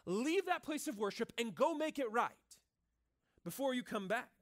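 A man with a notably high voice delivers a sermon to his church. He talks loosely and earnestly, leaning on "like" and "right?" as he goes. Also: big pitch swings, normal speed. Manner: casual and earnest, filling speech with "like" and "right?". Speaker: pastor. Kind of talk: conversational sermon.

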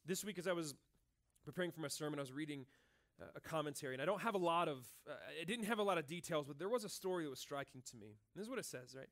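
A pastor preaching in a church, talking in a casual, earnest way, full of "like" and "right?". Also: male voice, a little high, lively intonation, rapid-fire, fairly bright tone. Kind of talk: conversational sermon.

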